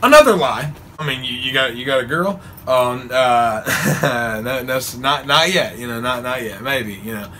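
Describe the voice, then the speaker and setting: A man's voice: mid-range voice, unhurried, a little hiss or hum. A young man telling a funny true story in a casual vlog, acting out the lines with frequent laughter. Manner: animated, laughs often, acts out quotes. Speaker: vlogger.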